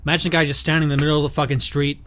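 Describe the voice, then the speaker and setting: A man's voice: a little high, little pitch movement, racing, fairly bright tone. A man hosting a casual comedy podcast, setting up bits in a laid-back, swearing manner. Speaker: podcast host.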